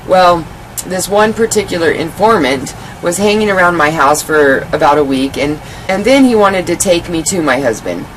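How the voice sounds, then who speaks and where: A woman's voice: fairly low pitch, lively intonation, moderate pace, few pauses, a little hiss or hum, poor audio. A woman guest in an interview, telling her life story candidly and animatedly, with many "you know" fillers.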